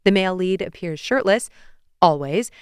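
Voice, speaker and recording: Smooth, lower-voiced woman narrating romance. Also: normal speed, dry recording, clean studio sound. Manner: lively, wry storytelling. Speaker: audiobook narrator. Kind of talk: first-person romance audiobook narration. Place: studio booth. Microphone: close studio mic.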